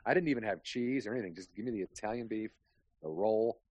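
A man's voice: lowish voice, fast talker, darkish tone. A man hosting a podcast over a remote call, rambling through stories in a casual chat and swearing freely. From Chicago area. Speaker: podcast host.

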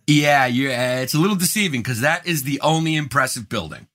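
A man's voice: medium pitch, animated, a little fast, a bit bright. A man co-hosting a podcast in casual chat, joking and teasing his co-host. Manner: joking, puts on silly voices and teasing bits.

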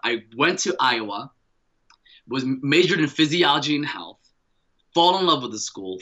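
A man's voice: mid-range voice, pushed and bright, poor audio. A man in his thirties, a podcast guest, telling a personal story with energy, slang and many repeated words.

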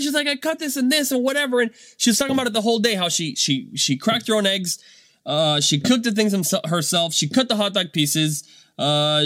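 Guy in his 30s rambling casually, kinda high voice, lots of "like" and "right?", dry close sound. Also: sharp tone, no room sound. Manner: chatty, many fillers and rhetorical "right?". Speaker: business owner vlogger. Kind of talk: casual monologue.

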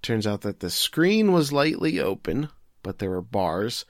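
Low-voiced man, casual and joking. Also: very animated, dry recording, clean studio sound. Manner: joking, acts out characters' lines in quick voices. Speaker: podcast co-host recapping an anime episode. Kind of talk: casual chat.

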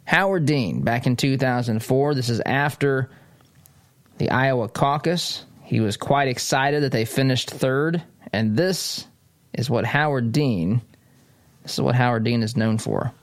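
A man's voice: mid-range voice, measured pace, no echo. A man hosting a political commentary show from a desk, talking in a casual, digressive way with frequent restarts. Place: studio desk.

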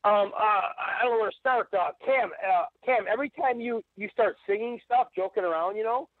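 A man with a Midwestern accent calls in to a radio show, his high voice tinny and squeezed as if over a phone line. He rambles excitedly, stumbles and restarts, and piles one thought onto the next. The sound is dry, with no room around it. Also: fairly quick, no echo. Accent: Midwestern American. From Wisconsin. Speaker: caller. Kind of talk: casual call-in chat.

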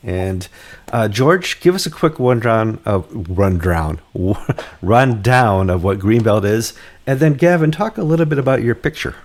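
A man's voice: on the low side, lively intonation, unhurried. A man hosting a casual chat, jokey and self-deprecating. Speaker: host.

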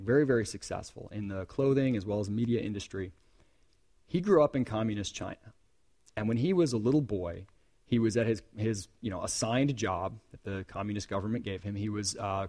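A man giving a live conference talk in a hall, animated and joking with the audience between points. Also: mid-range voice. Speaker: conference speaker.

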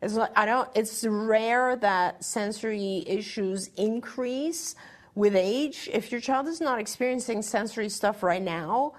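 A woman's voice: mid-range voice, unhurried. Woman, middle-aged, casual advice talk, earnest, encouraging. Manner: earnest, encouraging, restarts phrases. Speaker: podcast co-host answering parent questions.

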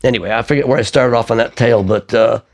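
An older man, a singer-songwriter, telling lively stories in an interview and acting out the voices of the people in them. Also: medium pitch, fast, vocal fry. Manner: lively raconteur who acts out quoted voices. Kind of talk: conversational storytelling interview.

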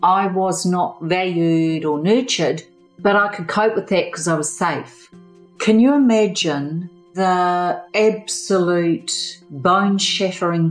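Older New woman, low and earnest, measured personal testimony over faint music. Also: poor audio. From New Zealand. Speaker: former therapist sharing her story.

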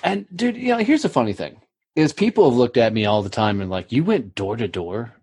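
A man's voice: mid-range voice, expressive, a little fast, a little mellow, slightly rough, no room sound, studio quality. A middle-aged man chatting on a podcast, swearing freely and telling stories with emphasis. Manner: profane, emphatic storyteller. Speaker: podcast guest, entrepreneur. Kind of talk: casual podcast chat.

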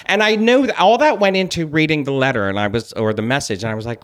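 A man co-hosting a casual podcast chat as a celebrity blogger, telling stories with animated swings in his voice. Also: fast talker, few pauses. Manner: animated storytelling, lively swings in pitch.

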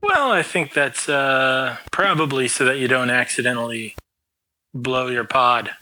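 A man co-hosts a podcast, joking around and laughing often as he watches a movie with a remote partner and chats casually about it. His mid-range voice is unhurried, pushed and bright. The recording is rough.

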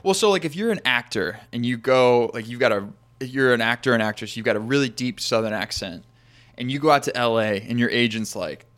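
A man's voice: medium pitch, brisk, fairly bright tone. Rambling casual male podcast host. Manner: rambling, many fillers and restarts, asks questions. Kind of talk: casual conversational interview.

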